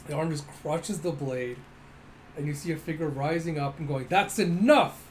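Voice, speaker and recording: A man walks through a comic panel by panel in a loose, casual way, swearing now and then. His voice is on the high side but mellow rather than bright, and a faint hiss of background noise runs under it. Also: steady tone, moderate pace, rough recording. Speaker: manga recap narrator. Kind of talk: casual manga recap.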